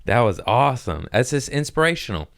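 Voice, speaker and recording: A man's voice: medium pitch, big pitch swings, a little fast, dry recording, studio quality. A young man hosting a podcast in a podcast room, chatting casually in a rambling, profane, joking way. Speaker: podcast host. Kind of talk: casual comedic podcast chat.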